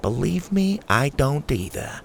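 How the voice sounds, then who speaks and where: A man's voice: medium pitch, sing-song, a little slow, gravelly, slight background noise, voice pushed up. A man voicing a playful, sly elderly grandmother in a storybook read-aloud, speaking in a teasing, lightly mocking way.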